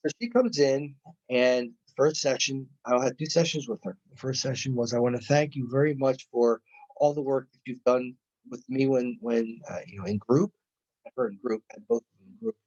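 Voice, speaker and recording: Male lecturer, husky voice, storytelling style with quoted dialogue; muffled lo-fi recording. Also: mid-range voice, normal speed. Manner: animated retelling with quoted dialogue.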